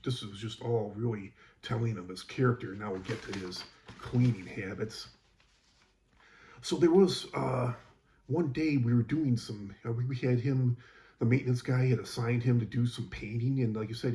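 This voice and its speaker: A man's voice: medium pitch, normal speed, dark tone. A man who works as a school custodian, casually telling an exasperated, rambling story about a coworker, with lots of fillers.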